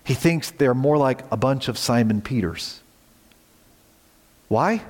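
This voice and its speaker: A man preaching a sermon as pastor, earnest, swinging from loud emphasis to hushed near-whispers. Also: medium pitch, lively intonation, slow pace, husky, long reverb tail.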